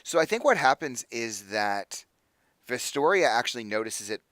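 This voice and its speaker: A man's voice: medium pitch, big pitch swings, moderate pace, fairly bright tone, dry recording. A man narrating as game master in a casual, filler-heavy way.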